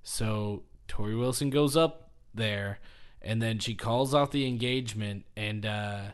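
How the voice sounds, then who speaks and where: A man's voice: fairly low pitch, measured pace, clean tone. Man retelling wrestling stories on a podcast. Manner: storytelling, retelling wrestling plots with quoted voices. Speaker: podcast co-host. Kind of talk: casual comedic podcast chat.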